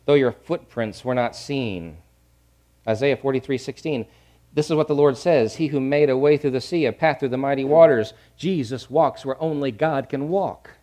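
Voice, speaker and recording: A middle-aged male pastor preaching a sermon, repeating key phrases and swinging from hushed to loud. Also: mid-range voice.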